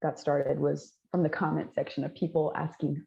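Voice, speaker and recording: A woman's voice: low voice, normal speed, creaky, highs cut off, slight background noise. A woman from Texas with a Texan accent, a guest telling stories in casual conversation and laughing often. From Texas, United States. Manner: laughs often, animated storytelling. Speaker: guest, video creator.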